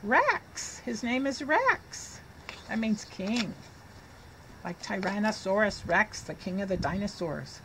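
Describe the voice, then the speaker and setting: A woman's voice: mid-range voice, background noise. A middle-aged woman teacher reading picture books aloud to a child and asking questions as she goes. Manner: slow, animated, asks the child questions.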